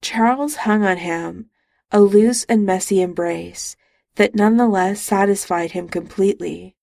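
A woman narrating a romance audiobook in calm, even storytelling, recorded on a close studio mic. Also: medium pitch, unhurried, gravelly, dry recording.

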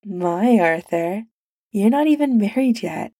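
A slow, teasing noblewoman , as a woman narrator voices her. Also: medium pitch, lively intonation, mellow, dry recording, clean studio sound.

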